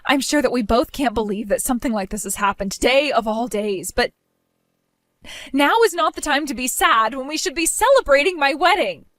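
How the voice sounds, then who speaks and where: A woman's voice: high-pitched, fairly bright tone, no echo. A woman voicing a self-centered young bride who whines and pleads in a dramatized story. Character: self-absorbed young bride, whiny and entitled.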